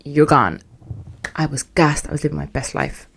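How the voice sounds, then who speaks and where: A young woman hosting a podcast, telling a story in a casual, animated and sarcastic way, full of slang. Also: deep voice, brisk, creaky, breathy edge. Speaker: podcast host.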